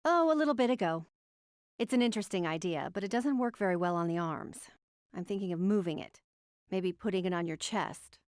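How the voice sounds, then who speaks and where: An arrogant, sharp-tongued female scientist lectures with condescending sarcasm, voiced by a woman reading a game. Her voice sits mid-pitch and sounds close and dry. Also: a little fast, smooth, dry recording, close to an everyday voice. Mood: smug.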